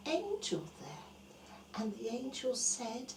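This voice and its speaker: A high-voiced woman tells a Bible story to small children at a very unhurried pace, her voice swooping widely in pitch. She shifts between hushed whispers and bright exclamations, and the room around her is echoey. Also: expressive.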